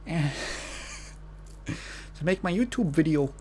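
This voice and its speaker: A man's voice: medium pitch, measured pace. Rambling Midwestern guy, chuckling a lot. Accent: Midwestern American. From Illinois. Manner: rambling, self-amused, laughs often. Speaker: podcast host. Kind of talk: casual solo podcast talk.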